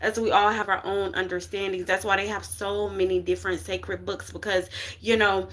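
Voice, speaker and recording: A woman's voice: medium pitch, flat delivery, normal speed, fairly bright tone. A woman giving a casual tarot reading on a live stream, preachy and uplifting, full of call-and-response and slang. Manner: call-and-response, repeats "you get what I'm saying". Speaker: spiritual reader on a live stream.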